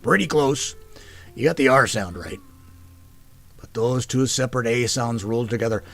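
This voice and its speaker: A man's voice: mid-range voice, moderate pace, gravelly, fairly bright tone, soft background music. Man as a big scarred elf brother. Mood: patient. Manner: patient, tutoring, teasing. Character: big scarred male elf, warm teasing older brother.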